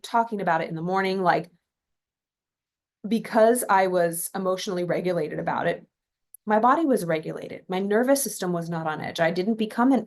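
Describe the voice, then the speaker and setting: A woman from California hosting a podcast, telling a story in a casual, chatty motivational talk full of fillers and asides. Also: medium pitch. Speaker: podcast host.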